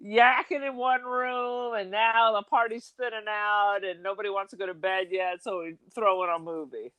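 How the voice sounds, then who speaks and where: A woman's voice: mid-range voice, fairly even intonation, moderate pace, fairly bright tone, clear, resonant tone, dry recording. A woman co-hosting a podcast in casual chat, with wry, sardonic quips. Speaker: podcast co-host.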